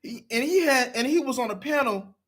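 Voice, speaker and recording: A man's voice: very high-pitched, animated, normal speed, fairly bright tone, husky. A man talking straight to camera, blunt, profane and heated, repeating himself to press his point. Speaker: video commenter. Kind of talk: casual talk to camera.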